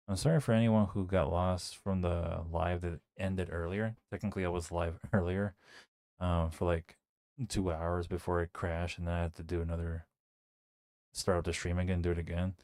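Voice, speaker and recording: Recorded dry at studio quality, the low, slightly mellow voice belongs to a young man streaming a horror game. Sore-throated, he keeps up rambling, self-directed chatter for his viewers, leaning heavily on fillers as casual stream commentary.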